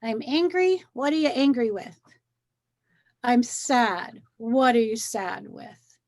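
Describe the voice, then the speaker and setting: A woman with a slightly high voice speaks slowly as a host in a relaxed wellness conversation. Her coaching is gentle and encouraging, and she often circles back to repeat her phrases.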